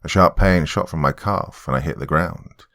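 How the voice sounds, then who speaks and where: Very deep-voiced man narrating horror. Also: moderate pace, vocal fry, pushed and bright. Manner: dramatic first-person storytelling. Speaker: horror podcast host and narrator.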